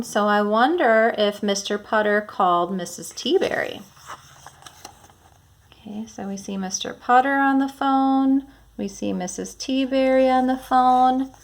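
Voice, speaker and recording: Woman teacher reading a chapter book aloud. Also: mid-range voice. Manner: clear, explanatory, instructive.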